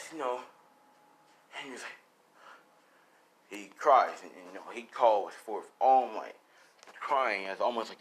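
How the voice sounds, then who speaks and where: A man's voice: mid-range voice, a bit bright. A man improvising a fan story in casual, rambling narration, full of fillers and the odd swear. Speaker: storyteller, channel host.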